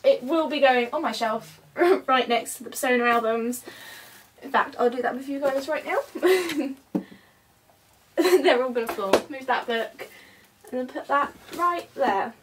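A woman's voice: high voice, measured pace, noisy background. A young woman chatting casually as she unboxes an album at home, giggling often. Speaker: vlogger. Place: at home, indoors. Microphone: camera mic.

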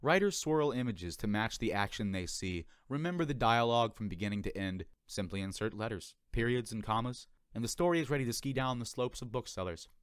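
A man narrating an audiobook in a measured, expressive reading, recorded by himself. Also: medium pitch, clean tone, no room sound, studio quality. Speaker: audiobook reader. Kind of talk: scripted narration. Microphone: home recording.

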